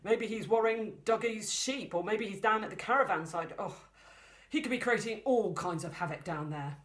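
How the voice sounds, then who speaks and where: A woman voicing a worried farmer father in a lowered voice, fretting loudly. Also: animated, takes it slowly. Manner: anxious, low, emphatic worrying. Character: fretful worried farmer dad.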